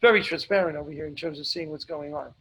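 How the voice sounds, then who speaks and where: Man, webinar host, live Q&A, blunt, emphatic, repeats points, slightly high voice. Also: fast, a bit bright, slightly rough, rough recording. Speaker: webinar host answering audience questions.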